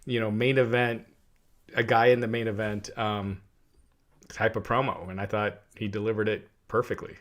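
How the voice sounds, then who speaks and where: A man's voice: on the low side, flat delivery, moderate pace. A man co-hosting a wrestling podcast in casual chat, reading out viewer questions between opinions. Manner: reads viewer questions aloud. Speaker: podcast co-host.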